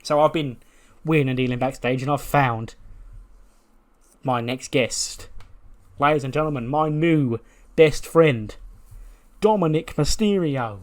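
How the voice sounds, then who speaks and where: A man's voice: medium pitch, a little slow, pauses often, natural voice. A man voicing a boastful, brash male wrestling talk-show host who calls people lad and stumbles over his words. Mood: cocky.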